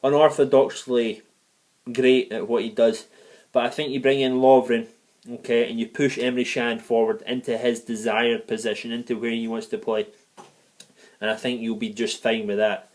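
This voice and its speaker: This man's voice is medium-pitched and a little mellow, with a level tone at normal speed. On a fan vlog, he gives a heated, swearing-laden football match review that keeps digressing, and he lives in the United States.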